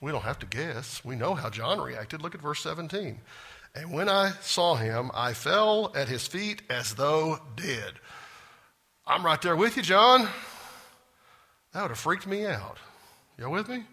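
A man's voice: a little high, very animated, measured pace, pushed and bright, breathy edge. A man teaching a Bible class in a church classroom, folksy and drawling, often stopping to quiz the group. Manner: folksy, asks the class questions.

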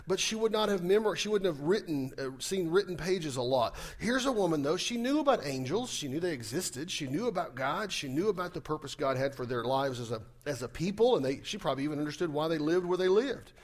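Pastor preaching in a fairly high voice. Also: male voice, expressive, brisk, hardly any pauses. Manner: conversational preaching with sarcastic asides and shifts from loud to soft. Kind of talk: sermon.

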